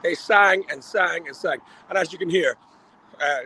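A man calling in live from outside a football ground on a phone held to his ear, rambling excitedly and swearing freely. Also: high-pitched, moderate pace, slight background noise. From Ireland. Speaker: live correspondent at the match. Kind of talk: excited phone call from a match. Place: outdoors near a stadium.

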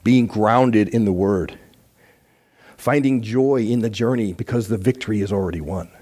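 A man's voice: lowish voice, normal speed, mellow. A man teaching a sermon on the teaching team in an earnest, emphatic way. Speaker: church teacher.

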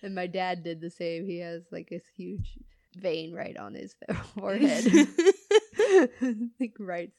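A woman speaking at an unhurried, drawn-out pace shares family anecdotes in a casual chat. She laughs readily, and her voice is dry and close to the mic. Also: on the low side, creaky, warm tone, no room sound. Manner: laughs a lot, chimes in with reactions.

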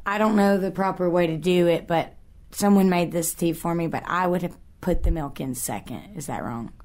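A woman's voice: on the low side, moderate pace, darkish tone. Giggly woman guest. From United States. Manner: giggly, laughs often, playful. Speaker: guest musician. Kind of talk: casual interview chat.

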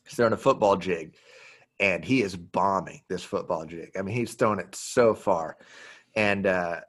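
A man on a podcast telling a fishing story in a casual, animated way, now and then acting out quotes. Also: moderate pace. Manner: animated storyteller, acts out quotes in a high yelling voice. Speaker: podcast host and pro angler.

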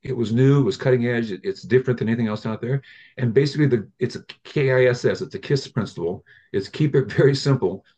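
A man's voice: medium pitch, fast, dark tone, husky. An older man, a guest in an interview, telling long rambling stories about the app he built, with frequent restarts. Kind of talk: conversational interview storytelling.

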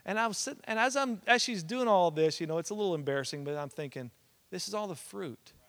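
A man, a pastor preaching and telling a family story, swinging between loud and hushed. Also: sits high, expressive, fast. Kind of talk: sermon with personal storytelling.

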